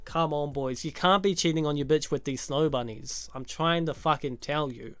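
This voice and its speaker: A man's voice: on the high side, normal speed, fairly bright tone, clean tone, no room sound. A man giving a casual, profane recap of a movie, full of sarcastic jokes and laughing asides. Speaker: YouTube movie commentator.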